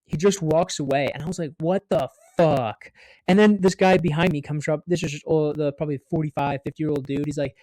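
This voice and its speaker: Speaking fast with hardly a pause, this US vlogger in his twenties has a slightly high, steady, somewhat mellow voice on a dry recording. His story to camera wanders casually, packed with "like" and plenty of swearing.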